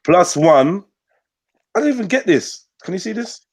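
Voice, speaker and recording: A man's voice: sits high, sing-song, normal speed. A man hosting a live call-in show, joking and repeating himself in casual slang. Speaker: host.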